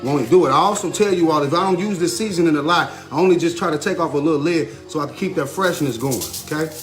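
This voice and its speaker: Lively male cooking host in a home kitchen, talking loosely over clear background music. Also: on the high side, fast talker. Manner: lively, chatty, repeats a catchphrase and laughs often. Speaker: home cook and video host. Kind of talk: casual cooking demonstration. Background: music playing under the voice.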